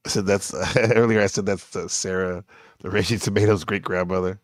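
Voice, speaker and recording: A man's voice: sits low, steady tone, fairly quick, no room sound, studio quality. A man hosting a reaction video, chatting casually and loosely in slangy everyday speech, chuckling now and then. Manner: laid-back, slangy, chuckles while talking. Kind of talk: casual commentary over an old clip.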